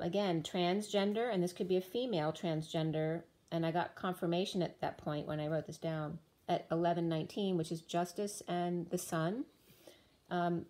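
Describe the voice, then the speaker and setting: A woman's voice: on the low side, darkish tone. Lady doing a twin flame tarot reading, dreamy and rambly, voice getting a bit worn. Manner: dreamy, free-associating, rhyming asides. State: losing her voice. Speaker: tarot reader. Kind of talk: spiritual tarot reading monologue.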